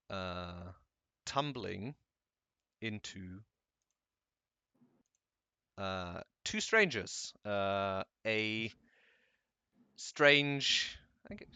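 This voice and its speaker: A man's voice: fairly low pitch, creaky, sharp tone, dry recording. A man narrating as game master in a tabletop game, hesitant and full of fillers.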